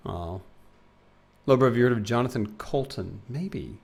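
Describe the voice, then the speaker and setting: A man's voice: mid-range voice, normal speed, creaky, a little mellow. A young man streaming a game live, chatting casually and reading out chat messages. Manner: chatty, reads out chat and donations.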